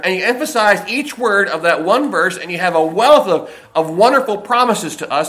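A man preaching a sermon, slowing down to stress key phrases and dropping in folksy personal stories. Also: sits high, lively intonation, fairly bright tone. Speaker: pastor.

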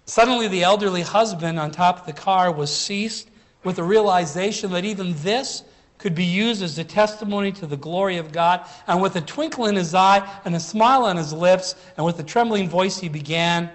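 A high-pitched man preaches a sermon earnestly and emphatically, slowing down to stress key phrases.

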